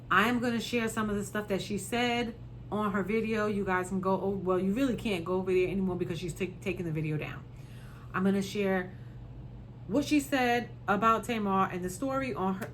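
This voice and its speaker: A woman's voice: medium pitch, slight background noise. A woman hosting a casual commentary vlog, chatty, with frequent fillers and restarts. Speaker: host.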